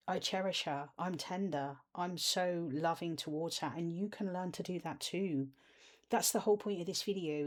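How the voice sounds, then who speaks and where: A woman's voice: low-pitched, a little mellow. A woman, an inner-child coach, talking earnestly and encouragingly to her viewers. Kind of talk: self-help video talk to camera.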